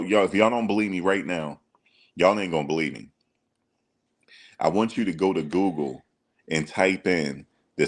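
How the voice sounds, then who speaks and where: A low-voiced man hosts casual online reaction commentary, emphatic and slangy, peppering his talk with rhetorical questions.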